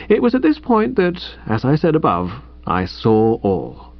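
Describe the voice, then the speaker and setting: Breezy, animated male storyteller. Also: mid-range voice, unhurried, no echo. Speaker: audiobook reader. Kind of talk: comic first-person narration. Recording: dull dry recording.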